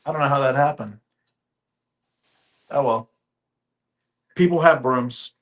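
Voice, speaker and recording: A man's voice: mid-range voice, a bit bright. A man co-hosting a live sale, teasing and playful in joking banter. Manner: teasing, playful, slow-spoken. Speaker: co-host.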